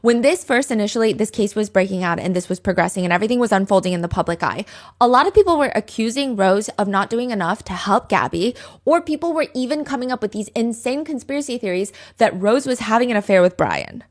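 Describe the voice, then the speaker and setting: A woman hosting a true crime podcast, retelling a case in a chatty, casual way full of "like" fillers and quick asides. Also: medium pitch, lively intonation. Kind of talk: casual storytelling chat.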